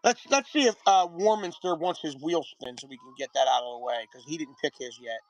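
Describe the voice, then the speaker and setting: A live-stream host selling card breaks, chatting casually and greeting viewers by name, with a voice that is getting a little hoarse. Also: mid-range voice, expressive, a little fast, a little mellow, soft background music, rough recording.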